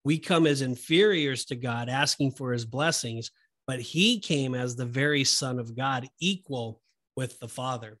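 Male co-host, earnest Bible discussion, mid-range voice, halting delivery with fillers. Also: mid-range voice, fairly bright tone. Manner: earnest, preachy, with many fillers and restarts. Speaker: podcast co-host.

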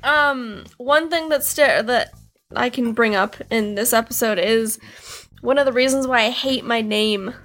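A woman's voice: fairly high pitch, unhurried, fairly bright tone, faint music behind. A woman co-hosting a podcast in casual chat, teasing and insistent. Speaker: podcast co-host.

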